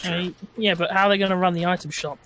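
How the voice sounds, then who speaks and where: A man's voice: high-pitched, fairly even intonation, racing, pushed and bright, a little hiss or hum. A man talking casually with friends during a game session, rambling and laughing often. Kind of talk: casual chat.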